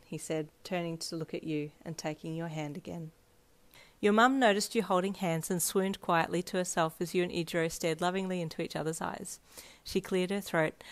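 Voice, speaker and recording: A woman reading a fan fiction story aloud in a gentle, expressive manner. Her voice sits slightly low and steady. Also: moderate pace. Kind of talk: storybook narration.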